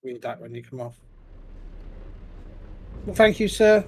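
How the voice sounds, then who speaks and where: A man's voice: medium pitch, expressive, a little slow, slight background noise. A man in a trucking convoy chatting casually on voice chat, teasing and easygoing. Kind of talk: casual banter with friends.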